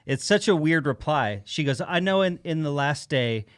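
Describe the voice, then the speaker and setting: A man's voice: fairly high pitch, animated, normal speed, clean tone, dry recording, studio quality. A man, a pastor, co-hosting a casual live-stream chat in an easygoing, rambling way. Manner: easygoing, rambling, retells stories conversationally. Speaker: pastor and co-host.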